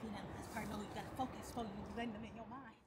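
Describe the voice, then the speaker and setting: A woman with a fairly high, steady voice races through a casual, playful vlog chat while touring a large open stadium, laughing and trash-talking for fun. Music plays in the background and the recording is very noisy.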